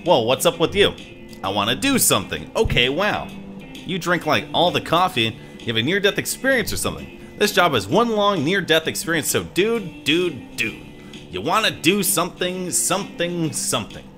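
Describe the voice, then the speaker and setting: Male game streamer, casual joking chatter, swearing, bright tense voice, faint game music behind. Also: fairly high pitch, very animated, normal speed. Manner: joking, profane, chatty with chat. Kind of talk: casual gaming commentary.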